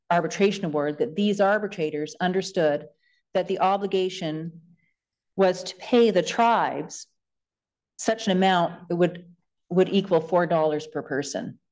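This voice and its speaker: A woman government lawyer speaks in a fairly low voice, delivering a formal closing submission in a courtroom. She is measured and steady, reading document passages aloud and pointing the court to page numbers.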